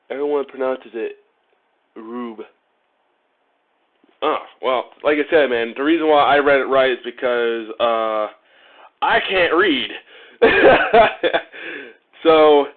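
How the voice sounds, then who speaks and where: With lively intonation, this mid-range-voiced man speaks slowly and pauses often. The Ohio-based motorcycle vlogger laughs a lot as he jokes and chats with viewers while wiring up a bike on a live stream, heard through narrow-band, phone-like audio.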